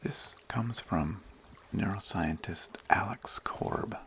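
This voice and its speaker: A man talking in a gentle, whispery ASMR manner, telling a story unhurriedly while out on a nature hike. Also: low voice, takes it slowly, gravelly. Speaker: ASMR host. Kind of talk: soft-spoken ASMR talk.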